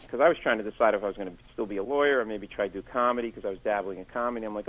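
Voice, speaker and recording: A middle-aged comedian guesting on a podcast tells a story in a lowish, racing voice with hardly any pauses, over phone-quality sound. He acts out both sides of an argument, rambling with fillers and restarts.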